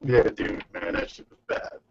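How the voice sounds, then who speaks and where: A man's voice: normal speed, darkish tone. A man hosting a casual group video chat, rambling and mocking, in slang. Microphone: webcam mic on video call. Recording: lo-fi online call audio.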